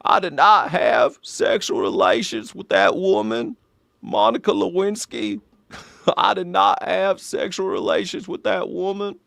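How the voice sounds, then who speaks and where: A man doing an impression of a shaky old man with a soft Arkansas accent. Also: high-pitched, big pitch swings, a little slow, vocal fry, no echo, studio quality, voice pushed up, full character voice. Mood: mocking.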